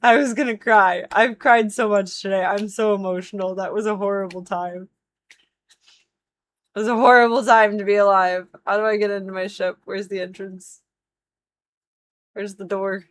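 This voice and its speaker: A woman's voice: medium pitch, fairly even intonation, moderate pace, long pauses, rough recording. A woman livestreaming a video game, chatting casually with dramatic, mock-emotional complaints and a lot of swearing. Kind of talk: casual gaming commentary.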